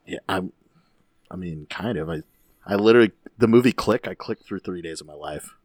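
Low-voiced male co-host, relaxed and joking, dry close recording. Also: brisk, no room sound. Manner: laid-back, profane, joking. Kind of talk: casual chat.

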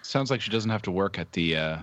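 Podcast co-host, man, very low voice with lively inflection, dry recording, wry humor. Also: a little fast, no room sound. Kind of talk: casual podcast chat.

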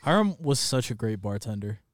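A man's voice: lowish voice, big pitch swings, a little fast, no room sound, studio quality. A man co-hosting a casual podcast, teasing his friends and swearing freely. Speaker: podcast co-host.

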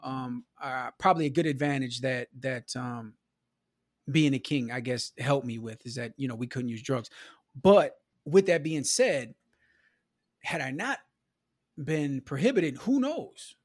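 A man's voice: mid-range voice, a little slow, no echo, clean studio sound. A man from the American Midwest, a podcast guest telling stories about growing up in a loose, conversational way. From Milwaukee, US Midwest. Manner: loose and conversational, peppers talk with "you know", "man" and "bro". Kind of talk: casual storytelling conversation.

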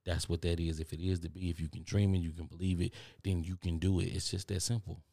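A man's voice: deep voice, level tone, fast, vocal fry, warm tone, dry recording. A man from Texas with a Texan drawl, hosting a podcast in a rambling, preachy motivational monologue that repeats its phrases. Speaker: podcast host. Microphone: studio microphone.

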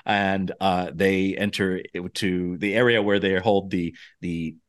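Animated middle-aged male podcast co-host. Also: low voice. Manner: animated, acts out lines in quick voices. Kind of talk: casual chat recapping an episode.

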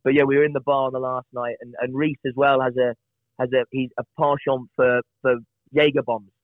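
A man's voice: medium pitch, little pitch movement, brisk, no room sound. Man telling stories over a phone line. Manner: chatty, self-deprecating, lots of restarts. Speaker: guest. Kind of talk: casual storytelling on a podcast. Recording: tinny phone-like line, dry.

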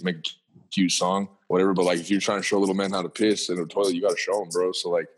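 A man's voice: sits low, level tone, fast talker, husky, poor audio. A young man in casual chat, telling slangy, laid-back stories about his school days and his kids.

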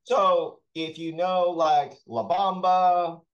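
A man's voice: high-pitched, steady tone, slow pace, muffled recording. A man, a talent sourcer, chatting as an interview guest and telling rambling anecdotes full of restarts. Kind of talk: casual interview storytelling.

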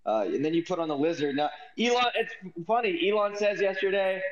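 A man's voice: sits high, lively intonation, lo-fi sound. A man teasing and mocking a friend in a casual chat. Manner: teasing, mocking, quick comebacks.

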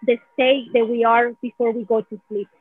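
A woman's voice: a little high, flat delivery, moderate pace, slightly rough, no echo. A woman explaining a healing technique in casual conversation, rambling, saying "right?" a lot and acting out feelings in quoted asides. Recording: dry, phone-like narrow sound.

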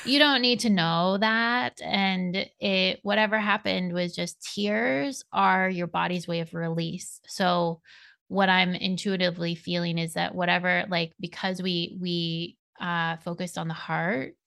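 A woman's voice: fairly low pitch, fairly even intonation, measured pace, gravelly, a bit bright, clean tone, no room sound. A woman speaking as a spiritual coach guest on a podcast, earnest and meandering, laughing often. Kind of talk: podcast interview conversation.

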